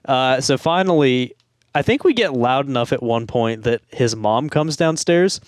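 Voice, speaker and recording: A man's voice: mid-range voice, animated, unhurried, no room sound, studio quality. Young man telling a rambling story. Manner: rambling, laughs through his stories. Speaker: podcast co-host. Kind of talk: casual storytelling chat.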